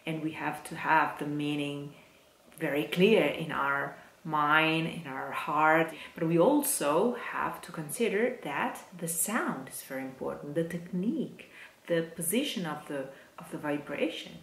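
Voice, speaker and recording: An Italian woman teaching Italian diction to singers, slowly and carefully repeating sounds for the listener to copy. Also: sits low, lively intonation, a bit bright, reverberant. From Italy.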